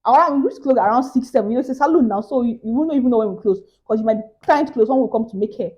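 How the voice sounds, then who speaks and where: A young Nigerian woman vlogger with a Nigerian accent tells a story in a casual vlog, acting out the voices of the other people involved. Her voice is fairly high and rapid-fire, and the recording sounds muffled.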